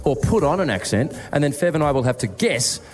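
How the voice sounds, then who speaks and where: A man hosting live breakfast radio, upbeat and quick with frequent laughter. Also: a little high, big pitch swings, faint music behind. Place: live broadcast at an event venue.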